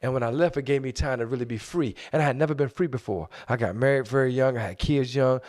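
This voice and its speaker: Loud profane man podcast co-host. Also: mid-range voice, fast talker. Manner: loud, profane, jumps in and talks over. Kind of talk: casual podcast chat.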